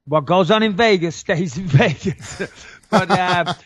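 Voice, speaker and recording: High-voiced British man telling a story. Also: unhurried, slightly rough, dry recording. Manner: laughing, rambling storyteller; argumentative. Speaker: podcast co-host. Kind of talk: casual podcast chat.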